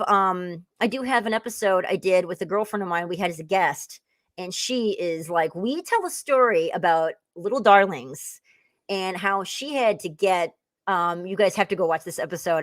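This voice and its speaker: A woman's voice: on the low side, normal speed, dry recording. A woman in her forties chatting as a guest, telling rambling, laughing stories with lots of fillers. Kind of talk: casual chat, storytelling.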